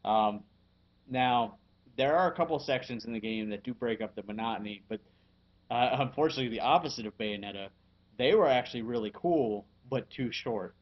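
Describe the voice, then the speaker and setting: A man hosting a casual podcast and reviewing a video game. He talks in a halting way, with lots of fillers and frequent chuckles. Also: mid-range voice, highs cut off.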